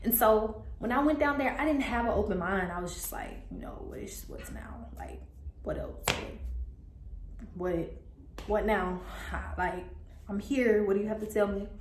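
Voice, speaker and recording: A woman's voice: moderate pace, a little hiss or hum. A young woman telling a personal story in a casual vlog, acting out what others said to her. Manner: animated, quotes others with pitch jumps. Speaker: storyteller vlogger. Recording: echoey room.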